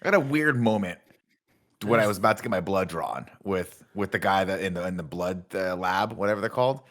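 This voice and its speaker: A man's voice: low voice, a little fast, fairly bright tone. A man co-hosting a podcast, telling self-mocking stories in a casual, joking way. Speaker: podcast co-host. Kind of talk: casual chat.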